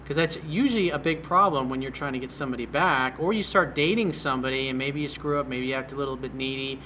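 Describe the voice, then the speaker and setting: A man's voice: mid-range voice, fast, sharp tone, slight background noise. A man working as a dating coach, reading out and answering a viewer's email in a blunt, direct way.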